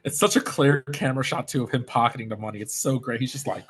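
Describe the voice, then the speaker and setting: A man's voice: medium pitch, fast talker, crowd noise. A man co-hosting a podcast in casual chat, often repeating words as he starts. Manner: stammers on repeated words, chatty. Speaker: podcast co-host.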